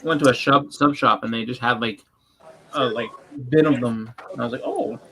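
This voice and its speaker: A man's voice: mid-range voice, fairly quick, noisy background. A man co-hosting a casual livestream, telling rambling stories and slipping into quoted voices.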